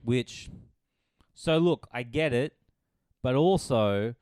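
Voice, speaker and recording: A man retells a late-night story on his podcast, casual and full of swearing. His voice is smooth and resonant, recorded close with a dry sound. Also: mid-range voice, lively intonation, slow pace, a little mellow, dry recording. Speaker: podcast host. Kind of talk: casual chat.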